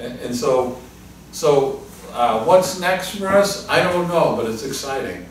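A male pastor teaching a Bible study in earnest, restarting and repeating phrases, dropping lower and softer when he quotes God. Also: lively intonation, unhurried. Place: church hall. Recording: echoey church room from a distant mic, faint noise.

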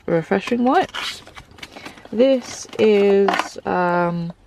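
Girl rambling in her car, kinda gravelly voice, slow and chatty, noisy background. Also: medium pitch. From England. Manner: chatty, gushing, frequent ums. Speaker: vlogger. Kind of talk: casual car tour vlog. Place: inside a parked car.

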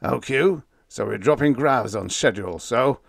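A man doing a gruff, rasping old sea-dog captain. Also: mid-range voice, expressive, normal speed, no echo, clean studio sound. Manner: roaring, rasping, exasperated. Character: gruff older male spaceship captain.

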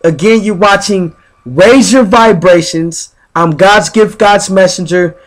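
A man leading guided spiritual affirmations in slow, repetitive, chant-like phrases. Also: high-pitched. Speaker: spiritual speaker.

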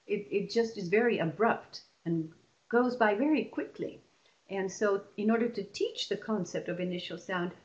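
A woman leading a lesson for teachers, explaining patiently and stretching example words out slowly. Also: medium pitch, dull audio. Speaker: teacher trainer.

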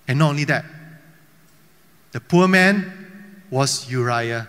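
A pastor from Malaysia preaching a sermon, telling a Bible story with many rhetorical questions. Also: male voice, mid-range voice, expressive, takes it slowly, pauses often, a bit bright, long reverb tail. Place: church hall.

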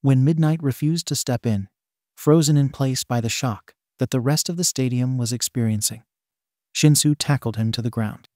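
A man narrating a fan fiction story in a flat, even reading style that reads symbols out literally. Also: medium pitch, moderate pace, no room sound, clean studio sound.

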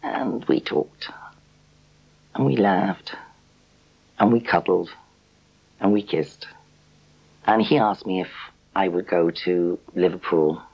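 A woman from England in a documentary interview, telling a personal memory in a gentle, measured way. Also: rumbling low, slightly rough, poor audio. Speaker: interviewee recalling a past meeting. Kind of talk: reminiscing interview.

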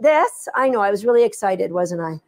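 A woman dog trainer giving an instructional talk, animated and playful as she tells stories. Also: medium pitch, brisk.

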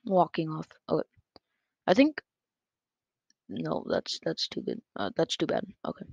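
A gaming YouTuber giving casual, excitable play-by-play commentary on a close mic that picks up breathing, with quick self-corrections. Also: mid-range voice, gravelly, no room sound. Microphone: close desk mic picking up breath. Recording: dull lo-fi dry sound.

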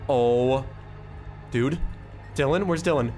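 A young man hosting a gaming video, chatting with friends and yelling in excited panic. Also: medium pitch, takes it slowly. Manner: animated, yelling and laughing in panic. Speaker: gaming channel host. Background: game music.

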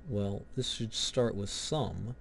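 A man's voice: lowish voice, slow pace, vocal fry, a little hiss or hum. A man teaching a logic lesson, explaining step by step and asking and answering his own questions. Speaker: logic instructor. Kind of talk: recorded lecture walkthrough.

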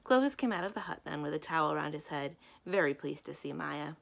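A librarian reads a children's novel aloud in an easy storytelling manner. Her voice sits low with a gravelly fry, and she lifts it for the characters' lines. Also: animated, fast talker. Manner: gentle storytelling, lifting her voice for dialogue. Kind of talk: children's book read-aloud.

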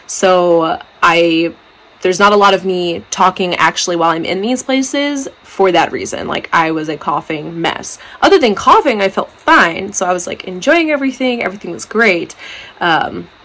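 A woman's voice: lowish voice, normal speed, fairly bright tone, rough recording. A woman from the United States talking casually to her camera as a travel vlogger. She is sick and stuffy with a cough, and her talk is upbeat and loose, full of "like" and "um". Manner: chatty and upbeat, lots of "like" and "um".

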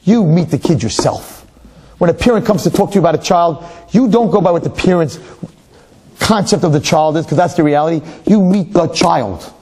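Husky, animated rabbi preaching. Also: male voice, fairly high pitch, a little fast. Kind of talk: sermon with storytelling.

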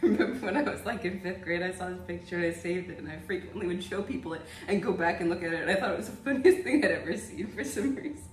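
A woman's voice: fairly low pitch, fast, few pauses, echoey room, recorded from a distance. A young woman hosting a casual comedic reaction to comments, blunt and laughing often.

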